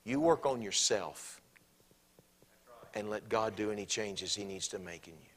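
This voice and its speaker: A man preaching a sermon in a church, animated and bursting into acted-out quotes. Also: on the low side, measured pace.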